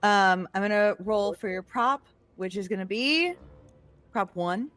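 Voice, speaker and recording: A woman's voice: mid-range voice, a bit bright. Upbeat woman running a tabletop game. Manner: quick, upbeat, encouraging. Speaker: game master.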